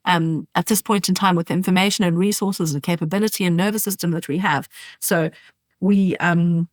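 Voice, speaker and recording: A middle-aged woman hosts her own podcast, talking on her own in a gentle coaching way. Her voice sits low for a woman and grows softer when she models soothing words. The sound is dry and close to the mic, with no room around it. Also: steady tone, fairly quick, dry recording. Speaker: podcast host. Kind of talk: solo podcast advice talk.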